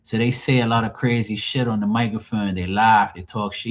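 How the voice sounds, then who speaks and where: A man's voice: fairly low pitch, fairly even intonation, brisk. A man chatting casually to his livestream viewers, rambling and swearing freely in a joking way. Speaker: livestream host.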